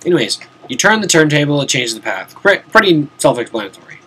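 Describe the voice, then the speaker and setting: A young man chats his way through a video game on stream, his pitch swinging widely as he rambles, mocks himself and mutters. He sounds a little tired, and a faint hiss sits under his voice from a home desk mic. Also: sing-song, quick pace, pushed and bright. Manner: rambling, self-mocking, swears casually, mutters to himself. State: tired, yawning. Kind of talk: casual let's-play commentary. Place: home room, seated at a desk.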